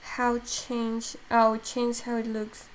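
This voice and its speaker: Her fairly high voice totally flat and slow, a woman teaches digital sculpting on a live stream with a little hiss or hum in the audio. Reading out chat and thinking aloud through many fillers, she sounds strained and weary.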